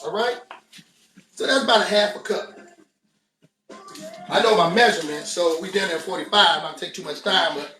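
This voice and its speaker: An American man hosts a laid-back cooking demo in his home kitchen, chatting directly to viewers as he works. His voice is high-pitched, bright and forceful, moving at a moderate pace with long pauses. The room sounds echoey and the mic sits at a distance.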